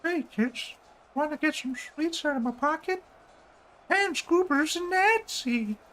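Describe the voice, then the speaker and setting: A man doing an impression of a creepy old man cartoon character, high, drawn-out and leering. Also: lively intonation, bright, forceful tone, exaggerated voice, poor audio.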